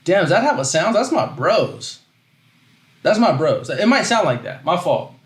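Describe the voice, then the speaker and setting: A man's voice: high voice, normal speed. Rambling man talking into a roomy mic. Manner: rambling, self-interrupting, animated, reads chat aloud. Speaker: host. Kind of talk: casual livestream commentary.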